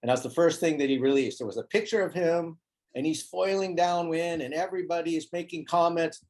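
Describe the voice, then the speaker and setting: Animated man telling a story. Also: a little high, brisk. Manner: animated, acts out quoted voices. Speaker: interview guest, foil board maker. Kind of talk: casual storytelling.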